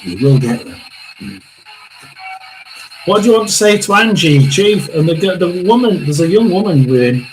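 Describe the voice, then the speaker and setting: A man hosting a live tarot and spirit box session, talking haltingly, repeating words and often clearing his throat. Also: sits high, big pitch swings, faint music behind, poor audio.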